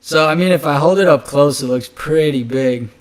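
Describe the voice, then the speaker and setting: Easygoing chef rambling on a call. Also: male voice, on the high side, moderate pace. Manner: loose, rambling, filler-heavy. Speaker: chef podcast host. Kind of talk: casual chat.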